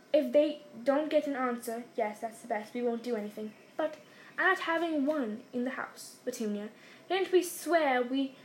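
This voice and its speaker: A gruff, blustering middle-aged uncle from a storybook reading, snappish and short-tempered, as a woman puts him on. The voice sits fairly high and rings in an echoey room with a faint hiss behind it. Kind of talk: storybook read aloud.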